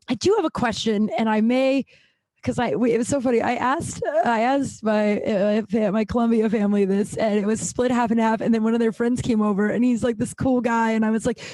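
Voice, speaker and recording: A woman's voice: fairly high pitch, no echo. Rambling, candid woman podcaster in her forties. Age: 40s. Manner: rambling, candid, swears casually. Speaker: podcast host. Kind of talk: casual solo podcast chat. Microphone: studio podcast microphone.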